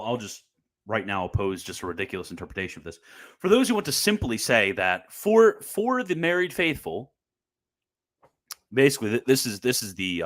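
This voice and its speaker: Man, young adult, low voice, combative, sarcastic, casual commentary. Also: fairly bright tone. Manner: combative, sarcastic, frequent restarts. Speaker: Catholic commentator.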